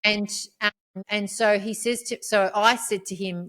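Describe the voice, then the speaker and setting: A woman, co-hosting a podcast, telling a painful personal story in a rambling way, swearing and rising into high outbursts. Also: steady tone, a little slow, fairly bright tone. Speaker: podcast co-host.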